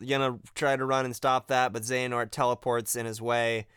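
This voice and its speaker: A man's voice: medium pitch, little pitch movement, brisk, fairly bright tone, clean tone, no echo, studio quality. A man co-hosting a podcast in a casual chat, explaining events at length with many fillers. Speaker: podcast co-host. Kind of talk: casual chat recapping a video game.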